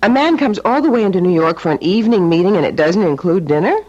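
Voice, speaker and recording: A sarcastic, needling wife. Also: female voice, lowish voice, animated, fast talker, dark tone. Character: sharp-tongued, sarcastic middle-aged businessman's wife. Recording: dull old radio drama recording with music.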